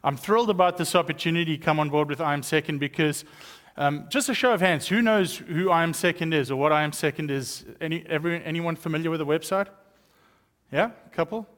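A man's voice: a little high, fast, a bit bright. Joking South African man in a reverberant church. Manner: chatty and joking, with many fillers. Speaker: guest speaker at a church. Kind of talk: sermon testimony. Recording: long church hall reverb.

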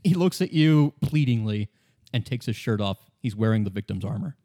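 A man's voice: lowish voice, normal speed, dry recording. Easygoing male game master, dry sound. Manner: relaxed, descriptive, occasional restarts. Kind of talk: narrating a tabletop game.

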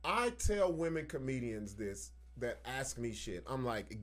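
A man hosting a podcast, talking loudly in profane, laughing banter. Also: medium pitch, animated, unhurried. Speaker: podcast host. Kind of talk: casual chat.

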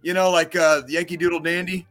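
A man's voice: on the high side, level tone, quick pace, a bit bright, soft background music. A man co-hosting a podcast, ranting in casual chat with lots of swearing. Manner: profane ranting, heavy swearing. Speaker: podcast co-host.

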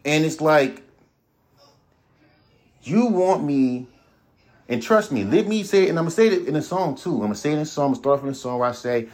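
A man's voice: fairly high pitch, expressive, a little fast, long pauses, a little mellow. A man hosting a podcast alone, ranting bluntly with heavy profanity and repeating himself. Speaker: podcast host. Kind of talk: solo ranting monologue.

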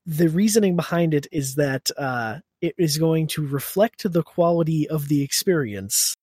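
A man's voice: on the high side, normal speed, darkish tone, breathy edge, no echo, clean studio sound. A young man co-hosting a podcast in casual chat, rambling and laughing as he restarts his sentences. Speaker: podcast co-host.

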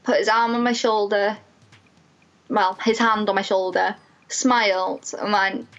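A young woman, a student mental health nurse, telling a personal story in an animated, emotional way, full of "like" fillers. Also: mid-range voice, unhurried, highs cut off, slight background noise.

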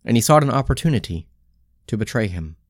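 A man reads scripture slowly, pausing after each phrase in a liturgical cadence. His voice sits in an ordinary middle range. The sound is dry and close, with no room around it. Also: mid-range voice, big pitch swings, dry recording. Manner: slow, phrase-by-phrase liturgical delivery. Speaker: scripture reader. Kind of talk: measured scripture reading.

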